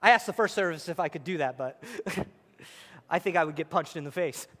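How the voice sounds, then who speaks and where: A pastor preaching a sermon in a church, animated and acting out the voices of scripture. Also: male voice, fairly high pitch, normal speed. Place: church auditorium. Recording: echoey hall.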